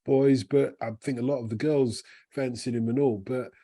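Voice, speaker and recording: A man's voice: medium pitch, steady tone, moderate pace, warm tone. A man co-hosting a casual football chat podcast, reflective, working his way around each point. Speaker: podcast co-host.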